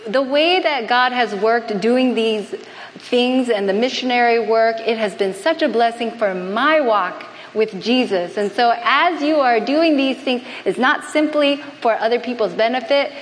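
A woman preaching a sermon, often asking the congregation questions. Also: a little high. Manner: engages the audience with frequent questions. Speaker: preacher and health missionary. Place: church hall with a congregation. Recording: reverberant hall with faint background noise.

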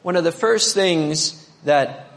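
High-voiced preaching man in a reverberant hall. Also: slow pace. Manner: animated preaching, rising to emphatic high notes and dropping to quiet asides. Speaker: pastor. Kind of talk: sermon. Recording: long reverb of a large hall.

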